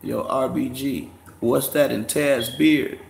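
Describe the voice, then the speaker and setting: A man's voice: mid-range voice, steady tone, takes it slowly, creaky. A man hosting a casual livestream, profane and mocking, laughing often. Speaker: livestream host. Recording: echoey room, faint background noise.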